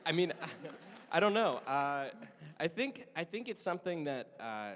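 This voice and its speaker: A man's voice: fairly high pitch, very animated, measured pace, fairly bright tone. A young man chatting upbeat on a convention panel, laughing often. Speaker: voice actor panelist. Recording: long hall reverb.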